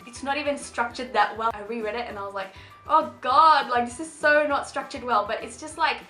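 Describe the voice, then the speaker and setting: A woman's voice: on the high side, sharp tone. A young woman in her twenties chatting through a shopping haul for her channel, bubbly and rambling with lots of asides. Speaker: fashion vlogger. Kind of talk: casual shopping haul chat. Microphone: camera mic. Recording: roomy echo, faint music.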